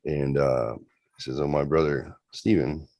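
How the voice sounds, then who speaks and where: A man's voice: a bass voice, steady tone, measured pace, darkish tone, dry recording. A man telling a rambling spooky story in a casual way, slipping into raised voices for the people in it. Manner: rambling, acts out voices in quotes. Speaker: host retelling a story.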